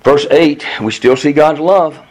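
A man's voice: unhurried, a little mellow, low-quality recording. A man teaching through a Bible book verse by verse, earnest and emphatic, reading passages aloud and explaining them to a class. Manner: earnest, emphatic, rises in pitch on quoted pleas.

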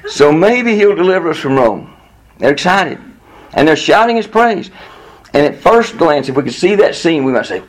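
A man preaching a Bible teaching in a conversational, animated way, often chuckling and repeating words as he goes. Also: a little high, moderate pace, pauses often. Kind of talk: sermon teaching.

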